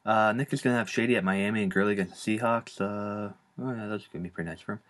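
A young man hosting a casual fantasy football podcast, relaxed and joking, with lots of fillers. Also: lowish voice, racing. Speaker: podcast host.

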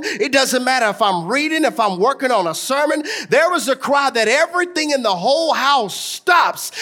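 High, bright-voiced man preaching with fire. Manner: impassioned preaching that swells into shouts with a sing-song cadence; talks straight to the congregation. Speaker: pastor. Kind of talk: sermon.

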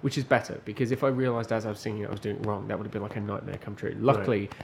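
A man's voice: fairly low pitch, flat delivery, very fast, a little hiss or hum. Man telling a rambling story. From Britain. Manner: rambling storytelling with frequent restarts. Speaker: podcast co-host. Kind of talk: casual chat.

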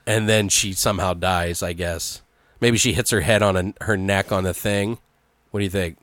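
Man, casual writer-room chat, animated, profane, bright voice, dry close sound. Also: deep voice, moderate pace, dry recording. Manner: animated, swearing, acts out bits of dialogue.

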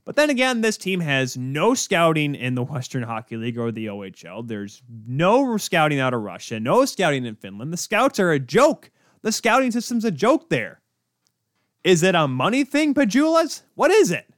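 A man's voice: a little high, very animated, moderate pace, fairly bright tone, no room sound, clean studio sound. A young man hosting a solo sports podcast, ranting in exasperation and firing off rhetorical questions. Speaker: podcast host.

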